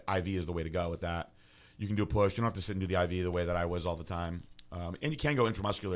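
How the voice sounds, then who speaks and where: A young man co-hosting a podcast in casual chat, brash and joking, swearing freely. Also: low-pitched. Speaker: podcast co-host.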